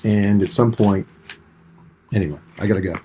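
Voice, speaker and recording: A middle-aged man giving emphatic, rapid-fire opinions as a guest commentator on a radio phone-in. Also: lowish voice, warm tone, slight background noise.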